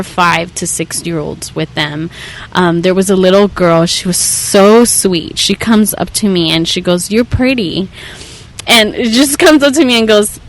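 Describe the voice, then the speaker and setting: Young woman podcast guest, earnest storyteller, mid-pitched, conversational. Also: poor audio. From Southern California. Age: young adult. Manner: earnest storytelling, acts out quoted voices with raised pitch.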